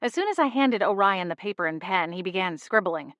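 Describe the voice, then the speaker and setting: A woman narrating a first-person audiobook in a steady, even storytelling voice on a studio microphone. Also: mid-range voice, fairly quick, no echo.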